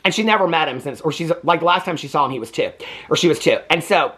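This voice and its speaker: A man recaps a movie in a loose, rambling way, stringing thoughts together with "like" and "so anyway." He talks quickly, and his pitch bounces up and down as he acts out the characters' lines. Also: lively intonation, fairly bright tone, husky. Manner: rambling, chatty, heavy filler "like", acts out quotes. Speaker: movie reviewer.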